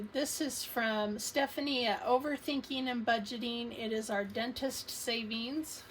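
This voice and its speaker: A woman speaks at an unhurried pace in a slightly high voice, counting cash aloud and cheering on her savings in a chatty budgeting vlog. She talks casually with fillers and little asides. A faint hum of room noise sits under the recording. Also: fairly bright tone. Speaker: budgeting channel host.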